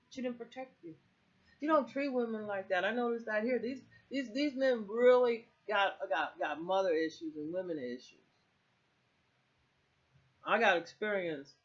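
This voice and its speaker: A woman's voice: mid-range voice, moderate pace. A middle-aged woman in a heated, profane, rambling rant to camera. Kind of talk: casual political rant to camera. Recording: muffled lo-fi recording.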